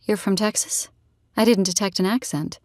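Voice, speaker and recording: A woman's voice: medium pitch, fairly even intonation, normal speed, darkish tone, no room sound, clean studio sound, natural voice. A woman voicing a guarded, competitive young woman with short, clipped replies, in an audiobook reading. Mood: bantering.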